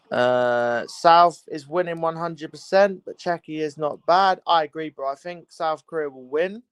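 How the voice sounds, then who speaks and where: A young man runs a live football watchalong, greeting viewers and repeating himself in relaxed chat. His smooth voice is a little high, and the recording has no room sound.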